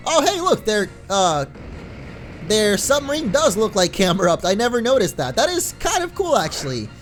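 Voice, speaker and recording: A man hosting a let's play, giving casual gameplay commentary in a chatty, excitable way and laughing often. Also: high voice.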